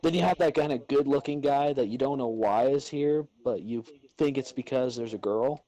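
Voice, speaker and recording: A man's voice: mid-range voice, normal speed, mellow, rough recording. A young man co-hosting a podcast, chatting casually and swearing a lot, acting out his pets in silly voices. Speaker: podcast co-host. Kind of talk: casual chat.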